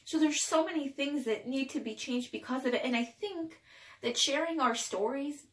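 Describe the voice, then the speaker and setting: A young woman with a fairly high voice tells her personal story through tears, halting and restarting her sentences. She sounds emotional and shaken. The recording has a noticeable room echo. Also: fairly bright tone. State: crying. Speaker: vlogger telling her own story. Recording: echoey room.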